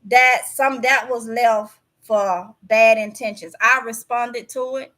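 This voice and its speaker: A woman's voice: a little high, fairly even intonation, slow pace, sharp tone. A woman hosting a casual livestream, preachy and emphatic, repeating words for stress. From Mississippi. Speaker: YouTube channel host.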